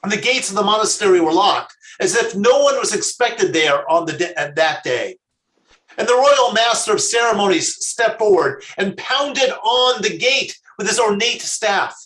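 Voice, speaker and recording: A man, a rabbi, telling a story in a sermon, measured and slowing down for emphasis. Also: high-pitched, animated, fairly bright tone. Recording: echoey room.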